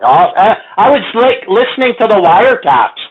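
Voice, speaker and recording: A man's voice: sits high, very animated, normal speed, background noise. Laughing Canadian man on a tinny line. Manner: laughs a lot, swears, rambling. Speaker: podcast co-host. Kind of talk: casual chat.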